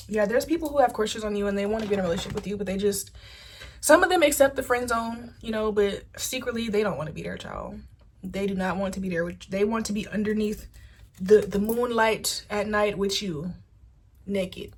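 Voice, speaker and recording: A woman giving a casual pick-a-card tarot reading, chatty and animated, swearing freely. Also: medium pitch, slightly rough. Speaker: tarot reader.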